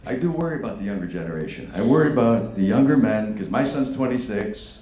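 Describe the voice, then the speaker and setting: A man in his fifties doing a stand-up comedy set, with a profane, animated, punchy delivery. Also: mid-range voice, measured pace. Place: comedy venue on stage. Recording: echoey room with background noise.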